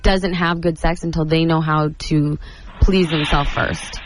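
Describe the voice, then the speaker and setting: A woman's voice: deep voice, steady tone, unhurried, background noise. A woman in her twenties, a guest on a radio show, answering questions in a giggly, shy way. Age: 20s. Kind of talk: radio interview. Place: radio studio.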